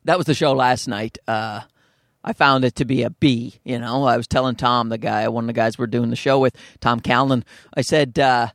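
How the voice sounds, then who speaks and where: A man's voice: medium pitch, steady tone, moderate pace, no room sound, clean studio sound. A man, a stand-up comedian, talking through a casual solo podcast monologue, rambling and running himself down, now and then slipping into mock voices. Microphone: studio mic through a field recorder.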